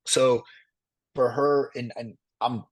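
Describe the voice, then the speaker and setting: A man's voice: mid-range voice, fairly even intonation, takes it slowly, low-quality recording. A man talking casually as an interviewed reality show contestant, rambling with many restarts.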